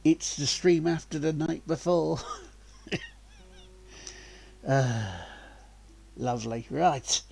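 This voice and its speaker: A man's voice: on the high side, measured pace, gravelly, few pauses, a little mellow. A man hosting a let's-play stream, chatting and rambling and laughing often while he plays.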